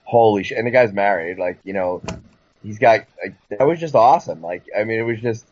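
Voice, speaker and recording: A lower-pitched man rambles excitedly through a casual podcast chat. The sound is dull and lo-fi, dry and close with no room around it. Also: a little fast, no room sound. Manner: rambling, excitable, mocking high-pitched impressions. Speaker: podcast co-host.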